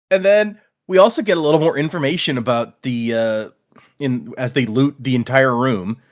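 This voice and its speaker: A man's voice: medium pitch, normal speed. A man hosting a casual book podcast who recaps the plot and acts out characters' lines. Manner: recaps the plot, acting out quotes. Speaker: podcast host. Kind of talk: casual book-club chat.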